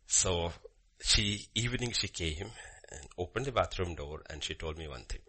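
Husky low-voiced male preacher. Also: lively intonation, normal speed. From Bhutan. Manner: dramatic swings from loud emphasis to hushed murmurs. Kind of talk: sermon with personal story.

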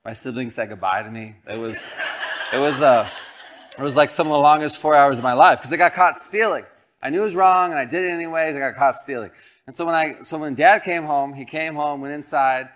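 A man who grew up in Colorado, a pastor preaching a sermon through a lively, self-deprecating personal story, acting out the voices of the people in it. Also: fairly high pitch, brisk. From Colorado, United States. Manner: animated, self-deprecating, acts out quoted voices.

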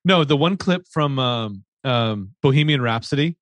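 A man co-hosting a podcast, casually reviewing a TV show, swearing often and joking in an animated way. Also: mid-range voice, a little slow, no echo. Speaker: podcast co-host.

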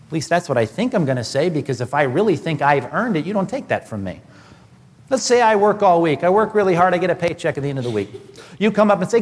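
A man's voice: fairly high pitch, fast. Emphatic preacher man in a reverberant hall. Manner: emphatic preaching, rising animated peaks. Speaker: pastor. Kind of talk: sermon.

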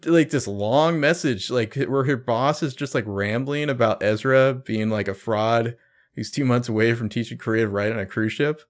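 Man, podcast co-host, casual recap chat, enthusiastic, mimics characters, mid-pitched. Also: normal speed.

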